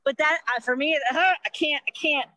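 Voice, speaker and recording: A woman's voice: high-pitched, bright, forceful tone, rough recording. A woman comedian giving a rambling, exasperated stand-up rant over a video call. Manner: rambling, exasperated, quick to joke.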